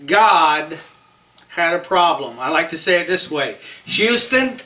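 High-voiced man preaching slowly in a roomy space. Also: sharp tone, recorded from a distance. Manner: slow, emphatic preaching with drawn-out phrases. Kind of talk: sermon.

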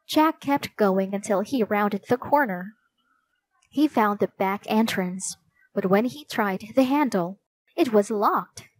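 A woman narrating a children's storybook in a slow, clear reading voice. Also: medium pitch, lively intonation, no room sound, poor audio.

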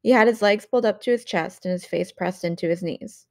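Woman reading an audiobook aloud. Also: medium pitch. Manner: measured, expressive reading. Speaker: audiobook reader. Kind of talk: audiobook narration.

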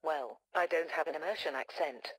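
Low synthetic woman's chatbot voice. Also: moderate pace, low-quality recording. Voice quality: flat synthetic text-to-speech delivery. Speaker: chatbot avatar voice. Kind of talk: chatbot replies.

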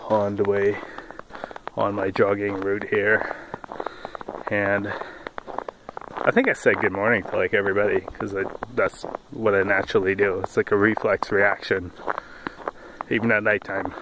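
A man's voice: lowish voice, noisy background. A man vlogging casually while walking outdoors on a path, telling rambling, jokey stories.

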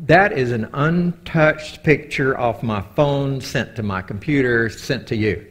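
Animated man teaching Bible lessons. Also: medium pitch, measured pace. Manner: animated storytelling, keeps asking "okay?". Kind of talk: casual Bible teaching talk.

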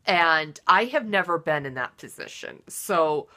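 Bright-voiced comic woman, mock-dramatic. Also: low-pitched, expressive, a little slow. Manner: mock-dramatic, swings from loud outbursts to muttered asides. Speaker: comedy show host. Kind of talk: deadpan self-deprecating comic monologue.

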